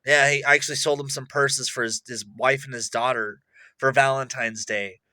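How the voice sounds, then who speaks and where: A young man rambling boastfully to camera, excitable, swinging between loud bursts and mutters. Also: mid-range voice, normal speed. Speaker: vlogger.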